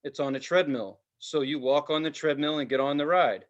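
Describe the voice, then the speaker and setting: A middle-aged man with a fairly high voice, recounting an incident on a podcast. He tells it in a casual, animated way, swearing freely as he gets fired up. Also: fairly quick, muffled recording. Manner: heated, profane, animated storytelling. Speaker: podcast co-host. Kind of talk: casual storytelling chat.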